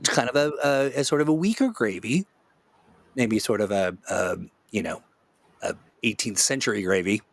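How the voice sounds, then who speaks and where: A man's voice: on the low side, lively intonation, normal speed, no echo. A man hosting a casual online chat, joking around, rambling through playful tangents and laughing often. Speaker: host.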